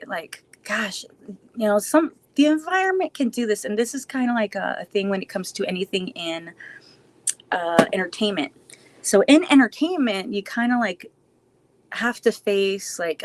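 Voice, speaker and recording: A woman live streaming a casual Q&A, answering chat in a rambling, reflective way with frequent restarts. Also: mid-range voice.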